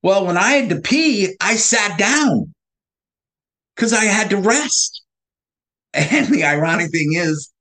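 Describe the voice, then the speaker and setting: Slow-talking man telling his story. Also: sits high. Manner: animated, laughing, acting out his own past dialogue. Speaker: guest. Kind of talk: conversational storytelling. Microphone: video call.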